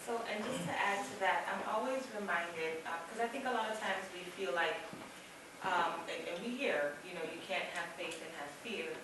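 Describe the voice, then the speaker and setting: A woman with a fairly low voice talks frankly and conversationally. She is far from the mic in a strongly echoing room, with steady background noise. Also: moderate pace. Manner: candid, conversational, uses fillers. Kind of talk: group discussion.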